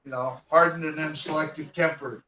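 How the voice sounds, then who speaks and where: A man's voice: fairly high pitch, steady tone, brisk, sharp tone, lo-fi sound. A man guest in a casual interview, telling rambling stories and acting out what others said. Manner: rambling, acts out quoted dialogue. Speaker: martial arts guest. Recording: echoey room from far off, faint noise.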